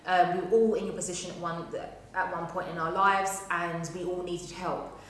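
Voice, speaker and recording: A woman's voice: on the low side, fairly even intonation, normal speed. A woman teacher speaking reassuringly about making mistakes and asking for help. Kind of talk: casual advice talk. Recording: very roomy room, faint noise.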